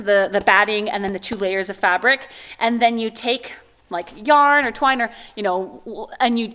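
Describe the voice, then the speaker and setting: A woman's voice: a little high, fairly bright tone. Gushing, playful woman unboxing gifts. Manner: gushing and playful, jokes and exclamations. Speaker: vlogger. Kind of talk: casual unboxing vlog.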